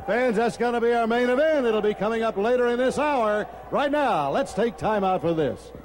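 A man's voice: very high-pitched, expressive, moderate pace, a little hiss or hum. A man hosting a wrestling TV show, introducing guests and segments in an upbeat promotional voice. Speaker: wrestling TV host. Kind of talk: TV wrestling announcing.

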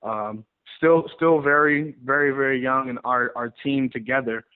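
A man who wrestles, telling stories in a rambling, animated way in a casual interview. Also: mid-range voice, moderate pace. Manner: rambling, animated storyteller with many restarts. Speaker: pro wrestler guest. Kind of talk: casual interview over the phone. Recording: tinny phone line.

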